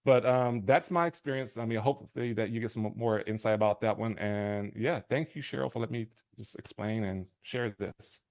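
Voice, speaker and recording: Man with a low voice, relaxed testimonial on a video call. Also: fairly quick, few pauses. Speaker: guest giving a testimonial. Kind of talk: casual testimonial.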